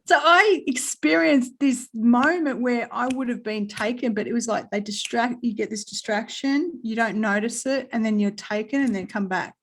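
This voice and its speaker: An Australian woman in casual spiritual conversation, telling a personal story in an animated way, swearing and laughing often. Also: fairly high pitch, moderate pace, few pauses.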